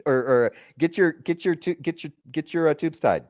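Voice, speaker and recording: A man's voice: fairly high pitch, a little slow, darkish tone, dry recording, muffled recording. A man hosting a casual livestream, talking loosely, swearing freely and laughing often. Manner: retells arguments in quoted voices. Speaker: livestream host.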